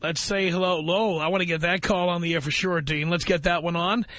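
A man's voice: high voice, steady tone, brisk, a bit bright, dry recording. Brash male radio talk host. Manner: brash, blunt and dismissive. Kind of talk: radio call-in show.

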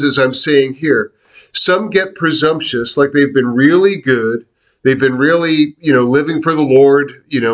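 A middle-aged man preaching a devotional sermon in an earnest, confessional way, with halting restarts, near tears. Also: mid-range voice, a bit bright. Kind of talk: devotional sermon with a personal story.

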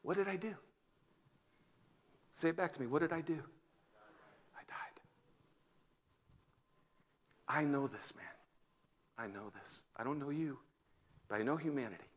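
A man in his fifties, a pastor, preaching a sermon and telling stories, swinging from loud exclamations to hushed near-whispers. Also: on the high side, measured pace, pauses often. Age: 50s. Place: church sanctuary.

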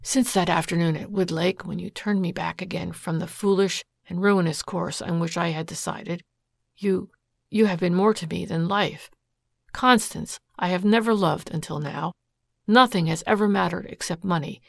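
Woman voicing earnest lovestruck man, urgent, emotional, gravelly texture, dry close sound. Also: fairly low pitch, normal speed, dry recording.

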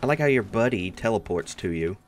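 A let's-play gamer with a fairly low voice gives casual, playful commentary at a fairly quick, animated pace. He makes silly noises and jokes at his own expense while faint music plays behind him.

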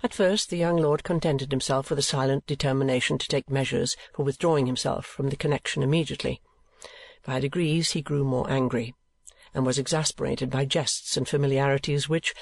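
A man narrating a classic novel as an audiobook in a steady, measured way. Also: medium pitch, vocal fry, dry recording.

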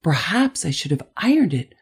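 A woman's voice: deep voice, sing-song, moderate pace, warm tone, slightly rough, exaggerated voice. A woman voicing a polite, motherly young girl who is courteous and a little patronizing, in an audiobook. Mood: prim. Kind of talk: audiobook character voice.

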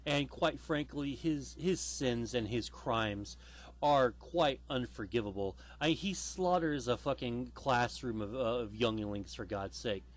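A man's voice: medium pitch, measured pace. A man hosting a casual podcast chat, rambling with lots of fillers and the odd swear word. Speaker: podcast host.

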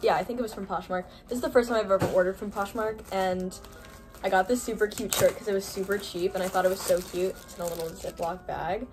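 Gushing excitable young woman vlogger. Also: medium pitch, fast, over music. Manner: gushing, excitable, gasping with delight. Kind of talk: unboxing haul vlog.

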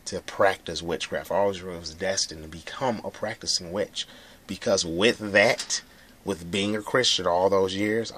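Deep-voiced young man rambling bluntly. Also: a bit bright. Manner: rambling, blunt, swears often. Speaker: vlogger. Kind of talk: rambling casual monologue to camera.

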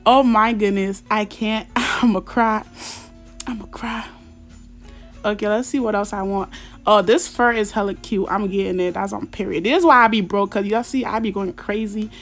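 A young woman commenting on her mobile game in a chatty, slang-heavy way, breaking into excited squeals and shouts. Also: mid-range voice, fairly quick, faint music behind. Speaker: gaming YouTuber. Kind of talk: casual gameplay commentary.

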